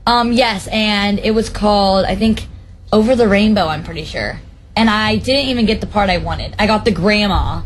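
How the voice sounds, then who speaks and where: A young woman chats as a guest on a call-in show, bubbly and full of casual fillers. Her voice sits at a middle pitch, with a light hiss of noise under it. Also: moderate pace, rough recording. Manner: bubbly, chatty, with many "like" and "um" fillers. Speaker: guest answering callers. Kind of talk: casual chat.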